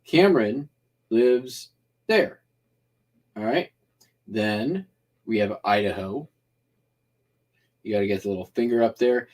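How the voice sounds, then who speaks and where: A man from Washington state, US, hosts a casual shipping vlog, rambling loosely with lots of fillers while describing hand gestures. His voice is fairly low and a little mellow, slow, with long pauses.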